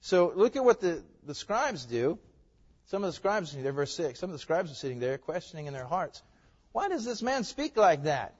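Animated sounding preacher in a hall. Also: male voice, fairly high pitch, normal speed, husky, lo-fi sound. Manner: animated preaching, swinging from loud emphatic to soft and hushed. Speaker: pastor. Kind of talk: sermon.

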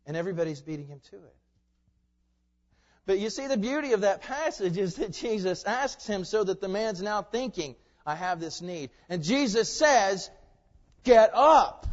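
A man preaching a sermon in a voice a little higher than most men's. He drops into quiet, chatty asides, then builds to loud, forceful declarations. The sound is somewhat muffled, with a long reverb tail trailing off in a large sanctuary. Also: animated, normal speed. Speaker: pastor.

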